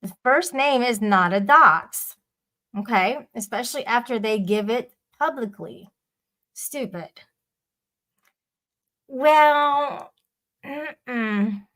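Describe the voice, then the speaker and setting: A blunt woman with a somewhat high voice hosts a live audio chat room. She rambles casually, swearing freely as she talks to her listeners. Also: lively intonation, slow pace, long pauses, bright, forceful tone.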